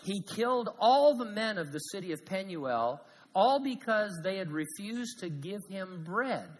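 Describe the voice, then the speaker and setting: A pastor delivers a sermon with lively swings from booming emphasis to near-hushed asides, slipping in jokes along the way. His voice sits a little high for a man. The sound carries the long reverb of a church sanctuary. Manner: animated, swings from loud to hushed, jokey asides.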